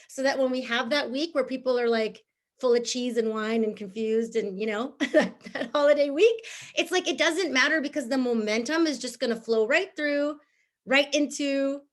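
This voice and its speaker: A woman's voice: on the high side, fairly bright tone. A woman talking to her team in an upbeat, chatty way, with lots of fillers and frequent laughs. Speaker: team leader. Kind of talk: motivational group talk.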